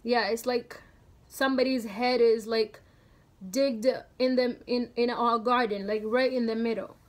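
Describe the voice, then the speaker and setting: A young woman vlogger casually telling a story, animated and slangy, with lots of "like" fillers. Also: on the high side, a little slow.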